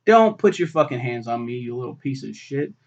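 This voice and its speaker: A man's voice: mid-range voice, big pitch swings, brisk, vocal fry. A man casually reviewing a film in a rambling, profane way, full of fillers and restarts. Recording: dull lo-fi recording.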